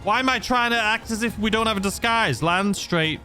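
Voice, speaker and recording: A man's voice: high-pitched, normal speed, pushed and bright, faint music behind. A man giving rambling, self-mocking gameplay commentary that tips into frustration. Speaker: gaming YouTuber.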